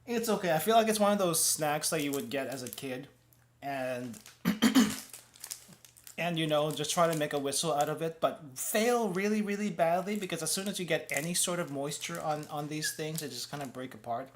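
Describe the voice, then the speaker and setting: A man's voice: a little high, normal speed, slight background noise. Rambling man chewing snacks. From United States. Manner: rambling and self-correcting, often restarts phrases; talks while chewing. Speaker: VTuber streamer. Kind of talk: casual snack-tasting chat.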